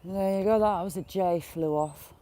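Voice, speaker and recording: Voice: mid-range voice, normal speed, mellow. A smallholder chatting casually on a live stream outdoors, talking to the animals and viewers with mild swearing. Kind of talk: casual live-stream chat while doing yard chores. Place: outdoors in a yard by a field. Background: birds and chickens.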